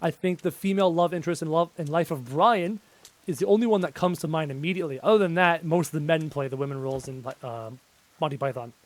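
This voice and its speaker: A man giving chatty live gameplay commentary, excitable and often yelping at enemies. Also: fairly high pitch, quick pace, no room sound. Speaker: gaming YouTuber.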